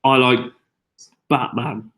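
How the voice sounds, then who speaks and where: A tired British man hosting a live-stream Q&A, briskly reading out viewer questions and answering them in casual chat. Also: medium pitch, steady tone, a bit bright. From United Kingdom. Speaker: YouTube host.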